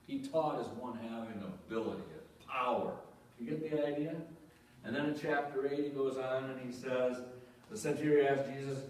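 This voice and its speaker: A male pastor preaches in a loose, conversational way, tossing questions to his congregation and circling back over the same phrases. His voice sits at an ordinary middle pitch. It echoes heavily around a church, caught by a mic some distance from him. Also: darkish tone, slight background noise. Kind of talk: conversational sermon. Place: church sanctuary.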